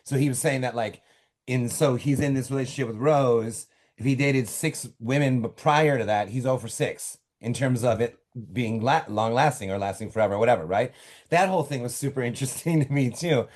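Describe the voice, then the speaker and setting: A middle-aged man, an author, talking casually from his home office in an interview, telling stories in an animated way with quick asides and restarts. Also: medium pitch. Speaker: author guest.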